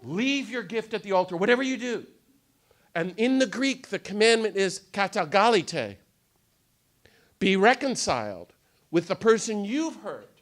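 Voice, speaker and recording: Excitable man lecturing with lively swoops. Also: high-pitched. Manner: fast, excitable, theatrical delivery. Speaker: speaker at a nonviolence day. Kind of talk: animated storytelling lecture. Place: indoor gathering room.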